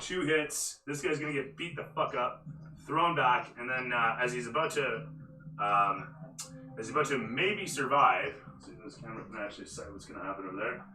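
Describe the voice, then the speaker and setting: A man's voice: medium pitch, fairly quick, music in the background, low-quality recording. A man running a tabletop role-playing game as dungeon master, narrating scenes like camera shots and dropping into casual, swearing asides.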